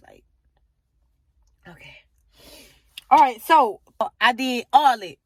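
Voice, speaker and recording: A woman's voice: on the high side, measured pace, long pauses, no room sound. A young woman vlogging to her viewers from inside her car, chatty and openly emotional as she talks to them directly. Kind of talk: casual chat to camera.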